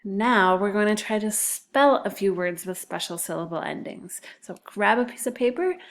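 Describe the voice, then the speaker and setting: A woman teacher giving a phonics spelling lesson, sounding out words slowly, syllable by syllable. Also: medium pitch. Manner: slow, careful syllable-by-syllable dictation.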